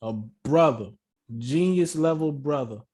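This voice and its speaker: A man's voice: a little high, measured pace, a little mellow, husky. Easygoing man chatting on a podcast. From Chicago area. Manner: easygoing, agrees and repeats phrases back. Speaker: podcast co-host. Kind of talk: casual chat.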